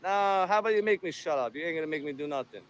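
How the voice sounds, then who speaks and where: Combative male vlogger, phone in hand outdoors, slightly higher pitch, taunting and profane. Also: animated, rapid-fire, slight background noise. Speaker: video host filming encounters. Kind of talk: confrontational street filming. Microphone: handheld phone.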